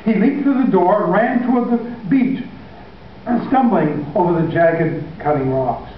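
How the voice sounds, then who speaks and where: A man's voice: high voice, unhurried, a little hiss or hum. A man preaching an impassioned, emphatic sermon, using repeated phrases to drive his points home. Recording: echoey hall from far off, dull.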